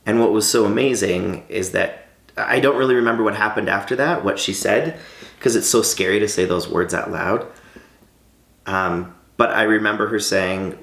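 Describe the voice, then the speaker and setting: Speaking at a normal speed, a man in his late thirties who vlogs shares a personal story with candor and heart, laughing lightly now and then. His voice is on the low side and a bit bright, with vocal fry, and the recording is reverberant.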